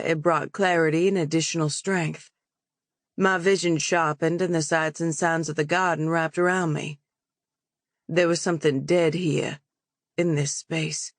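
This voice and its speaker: A woman narrating a romance audiobook in the first person in a calm, even voice. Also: lowish voice, dry recording.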